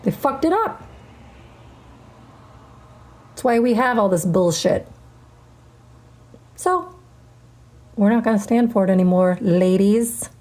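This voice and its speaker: A middle-aged woman hosting a spiritual channel, giving a defiant, profane monologue with drawn-out, emphatic phrasing. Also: mid-range voice, lively intonation, mellow.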